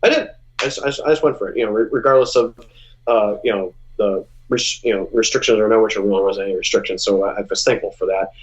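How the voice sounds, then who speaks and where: A man's voice: quick pace, highs cut off. Chatty male singer telling stories. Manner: animated, acts out quotes in a high voice, many restarts. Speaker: musician guest. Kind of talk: casual interview storytelling.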